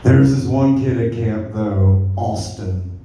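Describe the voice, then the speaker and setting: A young man tells his stand-up stories slowly and deadpan, his voice low and dark. The mic is set back from him, and the room rings with echo. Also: gravelly, soft background music. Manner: laid-back, deadpan storytelling with crowd laughter. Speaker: stand-up comedian. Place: comedy club stage. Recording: roomy club sound from far off. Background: audience laughter.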